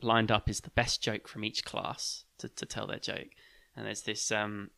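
A man's voice: fairly low pitch, flat delivery, measured pace, vocal fry, bright, forceful tone, clean tone. A young man hosting a podcast, telling a story in a rambling, chatty way full of fillers. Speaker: podcast host. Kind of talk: casual storytelling chat.

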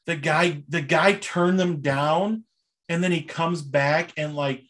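Young dude on a podcast, kinda high voice, jokey and loose, laughs a lot. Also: male voice, slow, a bit bright. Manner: laughs often, joking and loose. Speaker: podcast co-host. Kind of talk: casual sports and movie chat.

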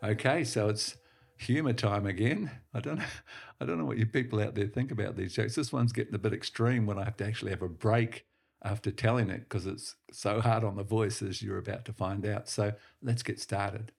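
A man hosting a health segment, explaining in brisk lists in a casual monologue. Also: lowish voice, creaky, a little mellow, breathy edge.

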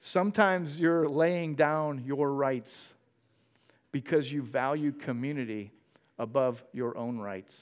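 A man preaching a conversational sermon, earnest and animated in his storytelling. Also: medium pitch, slow, muffled recording.

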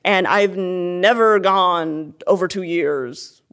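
A woman's voice: on the low side, slow pace, fairly bright tone. A young adult woman giving a candid personal testimony as an interview guest, talking earnestly with many fillers and restarts.

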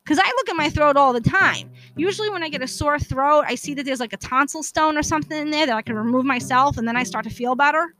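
High bright exasperated woman storyteller. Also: quick pace, hardly any pauses, rough recording. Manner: blunt, exasperated, swears freely. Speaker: podcast host. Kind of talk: casual profane storytelling monologue.

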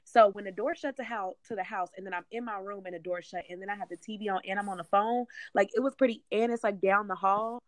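A woman's voice: mid-range voice, steady tone, fast talker, hardly any pauses, no echo. A woman with a Texan accent, co-hosting a podcast in casual chat, who explains herself with lots of fillers and restarts. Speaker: podcast co-host.

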